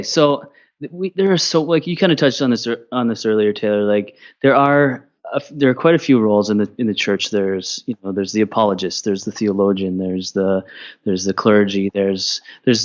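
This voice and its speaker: Man, Canadian accent, guest, laid-back, rambling, low voice, lo-fi muffled audio. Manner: relaxed, rambling, many restarts. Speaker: podcast guest. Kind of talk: casual interview.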